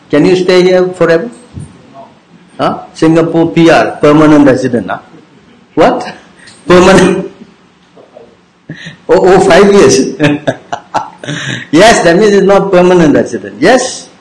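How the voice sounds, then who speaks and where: Sex: man. Pitch: slightly high. Style: conversational sermon. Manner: keeps asking "you understand?" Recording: echoey room. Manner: keeps checking in with listeners with "yes?" and "you understand?"; teasing, rhetorical questions. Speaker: spiritual teacher.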